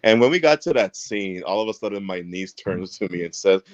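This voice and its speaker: A man's voice: lowish voice, animated, a little fast, dry recording, muffled recording. A man talking bluntly on a podcast, with some hesitations. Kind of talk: casual podcast chat.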